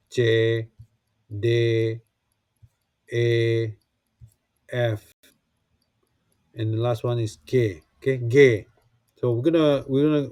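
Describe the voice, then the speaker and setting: A man's voice: mid-range voice, a little mellow, no echo, studio quality. A man teaching a beginner language lesson from a textbook, patiently repeating words and checking in with "okay?" after each point. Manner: frequent restarts and fillers while explaining.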